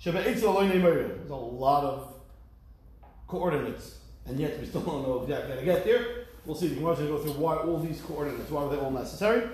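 Rabbi lecturing in an echoey room. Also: male voice, fairly high pitch, quick pace, a little mellow. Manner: explains texts, reading Hebrew verses with a rising lilt; jokey asides with the class. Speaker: rabbi teaching Talmud. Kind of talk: Talmud class lecture.

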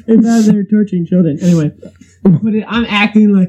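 A man's voice: high voice, a little fast, dark tone, low-quality recording. A young man telling a rambling, jokey story in casual chat as a co-host, full of fillers.

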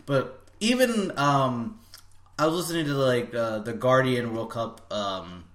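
A man's voice: mid-range voice, expressive, unhurried, a bit bright. An American man hosting a podcast in a casual chat, rambling and laughing often. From United States. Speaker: podcast host. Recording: echoey room, faint background noise.

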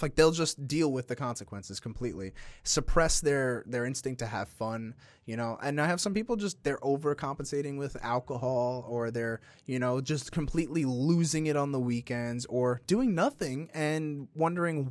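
A young man chatting on a podcast, swearing freely and jumping between thoughts. His voice is mid-pitched and close on the mic in a dry, dead room with no echo. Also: moderate pace, hardly any pauses. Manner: swearing, animated, slips into mock voices. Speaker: podcast co-host. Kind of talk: casual podcast chat.

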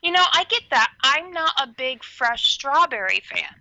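A woman co-hosting a casual podcast chat, playful and animated, quick to laugh and swear. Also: sits high, gravelly, no room sound, dull audio. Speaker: podcast co-host.

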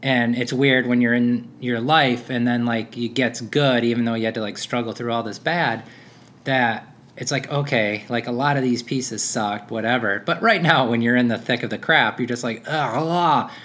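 A man in his thirties talks through his thoughts in a loose, rambling monologue. He restarts sentences often and leans on fillers, and his voice sits at a middling pitch. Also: fairly even intonation, normal speed, a bit bright. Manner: rambling, self-interrupting, with frequent fillers. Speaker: podcast host, father. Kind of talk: casual reflective monologue.

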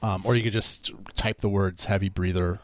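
A man's voice: low-pitched, fairly even intonation, moderate pace, no echo. A man co-hosting a radio show, talking in a laid-back, hesitant way with many fillers. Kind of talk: casual comedic banter during a fund drive.

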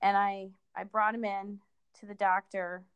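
A middle-aged woman speaking as a guest in a casual conversation, pausing often and restarting her sentences. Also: mid-range voice, little pitch movement, smooth, no echo, dull audio. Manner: halting, many fillers and restarts.

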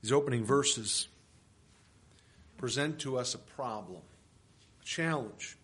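A man's voice: medium pitch, takes it slowly, a bit bright. A man preaching an expository sermon as pastor, emphatic and full of rhetorical questions.

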